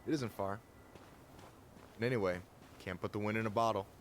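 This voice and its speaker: A man's voice: lowish voice, a little fast, a little hiss or hum, lightly acted. An actor voicing a laid-back, carefree young man in story game dialogue, casual and breezy.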